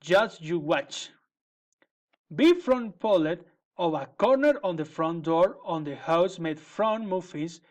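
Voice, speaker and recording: A man reading a children's fairy tale aloud in a gentle, measured way. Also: high-pitched, animated. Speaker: storyteller. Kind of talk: storybook reading.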